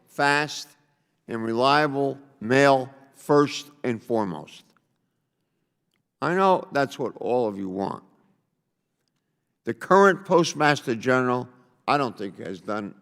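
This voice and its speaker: A congressman from New Jersey giving a prepared statement at a hearing in a measured, deliberate way. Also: mid-range voice, animated, a bit bright. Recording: long reverb of a hearing room.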